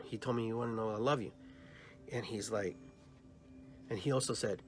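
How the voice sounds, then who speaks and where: A man in his fifties hosting a podcast, rambling softly and heartfelt as he tells a personal story. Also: lowish voice, fairly even intonation, a little fast, pauses often, soft background music. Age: 50s. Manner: rambling, heartfelt, soft-spoken retelling of a dream. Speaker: podcast host.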